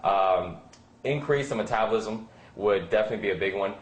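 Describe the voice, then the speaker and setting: A man's voice: lowish voice, fairly quick. A man talking as a fitness coach in a casual advice chat, rambling with many fillers and acting out what friends might say. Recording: echoey room.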